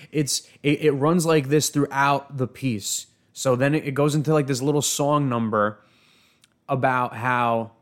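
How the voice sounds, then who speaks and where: A man hosting an opinion commentary on video clips, indignant and emphatic, often stumbling and repeating words. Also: medium pitch. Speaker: show host.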